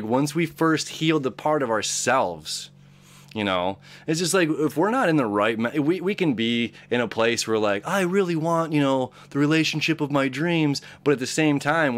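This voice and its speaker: A young man hosting an astrology channel, talking casually and upbeat, rambling with many fillers and acting out little inner voices. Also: medium pitch. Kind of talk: casual spoken astrology reading.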